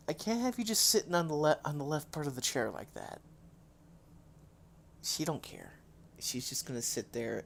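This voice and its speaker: A man's voice: mid-range voice, vocal fry. A man live-streaming a game from home on a desk microphone, rambling in a casual, self-deprecating way with frequent restarts and sighs.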